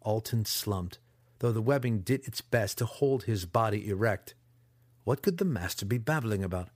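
A man narrating a fantasy audiobook in an expressive, dramatic storytelling style on a close mic. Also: fairly low pitch, moderate pace, no room sound.

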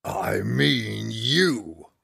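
A man reading an audiobook voices a huge, vain male dragon who booms slowly and menacingly. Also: animated, gravelly, bright, forceful tone, husky, dry recording, clean studio sound, heavily acted. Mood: roaring. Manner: booming, slow and menacing. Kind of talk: audiobook narration.

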